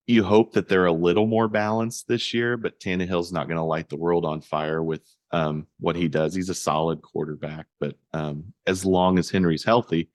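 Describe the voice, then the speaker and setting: A man co-hosting a casual sports podcast, talking in a halting way with many fillers and restarts. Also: low voice, no echo, clean studio sound. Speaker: podcast co-host.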